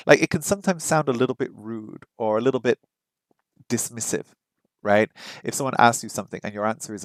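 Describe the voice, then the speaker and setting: A man thinking aloud in a casual vlog, wondering and unsure, slowly sounding out foreign phrases as he practices them. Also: mid-range voice, vocal fry, no room sound. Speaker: vlogger learning a language.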